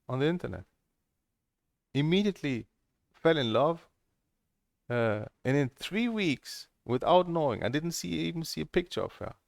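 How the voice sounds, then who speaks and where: A middle-aged man who coaches table tennis rambles candidly through his stories and plans, cursing freely in a casual monologue. His mid-range voice is creaky, and the studio-quality recording has no room sound.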